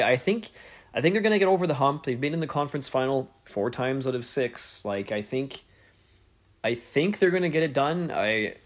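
A man co-hosting a podcast in casual chat, laid-back and quick to laugh. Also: medium pitch. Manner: laid-back, laughs easily, says "yeah" a lot. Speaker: podcast co-host.

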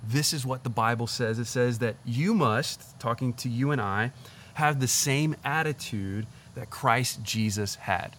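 A young man, a pastor, giving a casual, conversational sermon in an animated, chatty way, often saying "like" and "literally.". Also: medium pitch, measured pace, a little hiss or hum.

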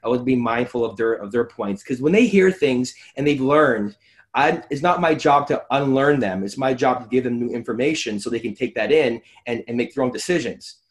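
A man, a physiotherapist hosting a casual podcast chat, animated and acting out his talks with patients. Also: mid-range voice, a little fast. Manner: animated, acts out conversations with patients.

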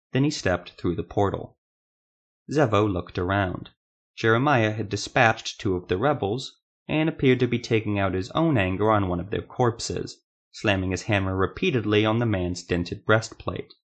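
Low-voiced man narrating a fantasy tale. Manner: steady, measured storytelling.

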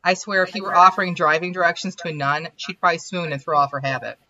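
A woman hosting a writers' podcast, reading her own fiction aloud and chatting in an animated, self-deprecating way. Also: lowish voice, fast talker, dry recording. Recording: dull, lo-fi sound.

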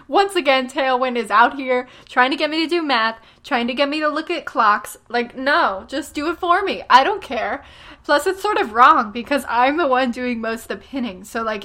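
A woman's voice: a little high, bright, forceful tone. A woman hosting a casual solo podcast, chatty and sarcastic with lots of fillers and self-deprecating asides. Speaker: blogger and podcast host. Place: home room, typing audible.

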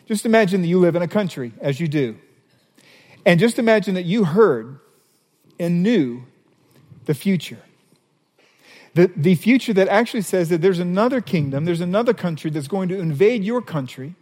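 A man preaching a sermon as a pastor, animated, reading scripture passages aloud. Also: high voice, normal speed, pauses often, long reverb tail.

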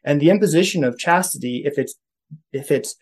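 A man's voice: fairly high pitch, fairly quick. A man from Canada talking earnestly in a casual conversation, thinking aloud and restarting his sentences. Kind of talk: casual podcast chat on faith.

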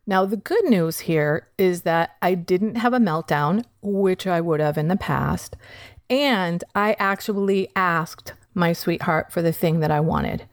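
Woman, candid personal storytelling, casual swearing, lowish voice, dry close sound. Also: no room sound. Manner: candid, swears casually, shifts between fast recounting and slow emphasis.

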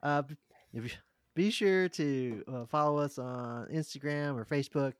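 A man's voice: fairly high pitch, normal speed, clear, resonant tone, no room sound, studio quality. A man hosting a casual podcast, laid-back and a little hesitant as he wraps up. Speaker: podcast host. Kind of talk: casual chat, show sign-off.

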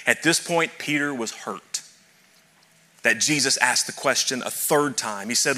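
A man with a medium-pitched, sharp-toned voice preaches at a measured pace. As pastor, he tells his congregation a story, addressing them directly and building to fervent emphasis.

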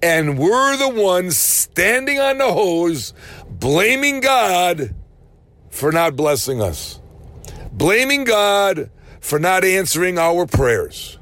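A man preaching a sermon in a fairly high voice that leaps up and down with feeling. He speaks slowly and deliberately, pressing on key words and rising to shouts. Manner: animated preaching, rising to shouts, slowing for emphasis.

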